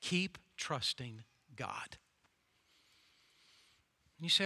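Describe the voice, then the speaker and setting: Male pastor, storytelling sermon, emphatic repetition, bright, cutting voice, a bit high. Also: animated, unhurried, dry recording. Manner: storytelling, emphatic with repeated phrases.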